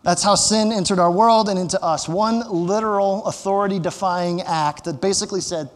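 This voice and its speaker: A pastor with a high voice preaching a sermon. He talks to the congregation like a conversation, poses rhetorical questions and slips in small jokes. His voice rings through the long reverb of a large church hall. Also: moderate pace, few pauses. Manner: light humor.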